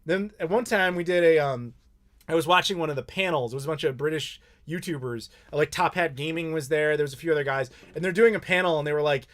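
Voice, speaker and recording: An American man from Chicago hosting a casual live chat, telling rambling, animated stories with laughs and the odd swear. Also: a little high, quick pace. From Chicago, United States. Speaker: YouTube host answering live questions.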